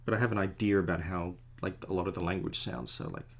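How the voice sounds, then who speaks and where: Creaky-voiced man rambling while drawing. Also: deep voice, fairly even intonation, fast. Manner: chatty, digressive, self-deprecating. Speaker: artist drawing a commission.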